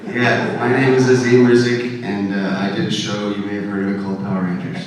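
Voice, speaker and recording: A man's voice: on the low side, flat delivery, brisk, crowd noise. Panel guy cracking dry jokes, far-off echoey hall sound. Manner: wry, joking. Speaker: panel guest actor. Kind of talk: joking panel banter.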